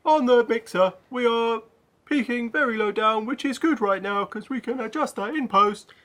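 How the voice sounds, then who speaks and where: A man's voice: very high voice, normal speed, pushed and bright. A man co-hosting a podcast, grumbling and swearing in casual banter. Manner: grumpy, sweary. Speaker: podcast co-host.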